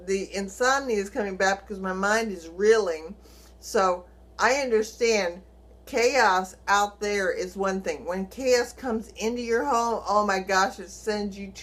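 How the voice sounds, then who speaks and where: A middle-aged woman speaks to her camera as a vlogger, telling a story from her own life. Her pitch sits in an ordinary middle range. She talks with energy and voices the people in her story as she goes. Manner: animated, acts out quoted dialogue, chuckles while telling.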